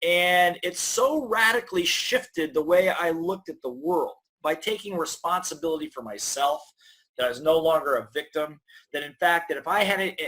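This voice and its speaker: This is a middle-aged man with a fairly high voice, speaking as a guest author in a conversational interview. He tells stories with energy and acts out the voices people hear in their heads. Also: pushed and bright.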